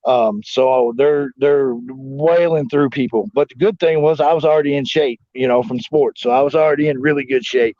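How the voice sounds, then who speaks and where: A man's voice: mid-range voice, steady tone, moderate pace, few pauses. A man telling stories in a casual interview, rambling and profane, full of fillers like "you know what I'm saying". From United States. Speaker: interview guest, former wrestler and Marine. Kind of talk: casual storytelling shoot interview. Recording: dull dry lo-fi audio.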